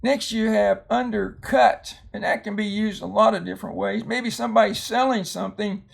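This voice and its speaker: Gravelly older man teaching phonics. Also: high-pitched, fairly even intonation. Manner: slow, patient explaining with many ums and restarts. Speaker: reading tutor. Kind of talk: phonics lesson.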